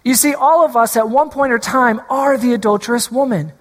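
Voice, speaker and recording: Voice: medium pitch, brisk. Preacher giving a sermon, says the big lines twice, lots of long hall echo. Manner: repeats key lines for emphasis and engages the congregation.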